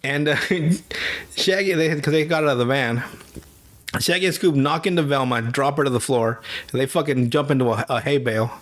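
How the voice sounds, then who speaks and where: A man hosting a podcast, retelling a cartoon episode in casual, profane chat, laughing often and slipping into quick character voices. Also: mid-range voice. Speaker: podcast host.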